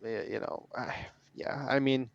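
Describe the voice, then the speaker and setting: A man's voice: medium pitch, steady tone, measured pace, vocal fry. Opinionated guy on a podcast, talks loose and laughs a lot, kinda muffled lo-fi mic. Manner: chatty, opinionated, laughs easily. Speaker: podcast co-host. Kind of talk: casual sports chat. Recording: dull, dry lo-fi sound.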